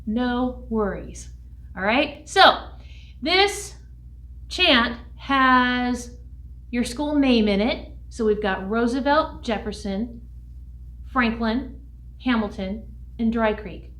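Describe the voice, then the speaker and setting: A woman music teacher leads a lesson for young children in a bright, fairly high voice, speaking slowly and clearly and keeping her tone upbeat. She sounds a bit distant from the microphone. The room around her gives off a noticeable echo. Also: lively intonation. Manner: shouts chant calls in a high voice.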